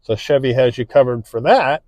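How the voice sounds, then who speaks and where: A man narrating a car review, calmly listing interior features one by one, recorded inside a car. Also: medium pitch, normal speed, no echo, lo-fi sound. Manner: relaxed, plain-spoken, listing features one by one.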